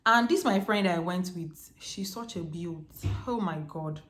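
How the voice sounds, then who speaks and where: A Nigerian woman in her twenties telling a storytime vlog in a lively, chatty way, full of slang. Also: fairly low pitch, a little slow. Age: 20s. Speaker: vlogger. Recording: echoey room.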